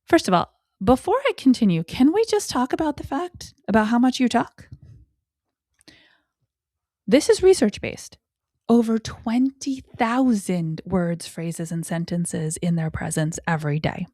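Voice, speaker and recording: A woman hosting a parenting talk show, speaking expressively, slowing down to stress key words and dropping into whispered asides. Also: dry recording, studio quality. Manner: expressive, with sudden pitch jumps and whispered asides; slow, deliberate emphasis on key words. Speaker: parenting educator. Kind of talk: podcast talk on child communication.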